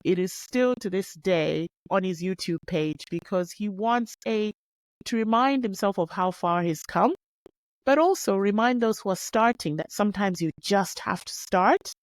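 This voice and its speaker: A woman's voice: mid-range voice, measured pace, dry recording. A woman hosting a podcast, talking in a reflective, encouraging way. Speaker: podcast host. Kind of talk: casual interview chat.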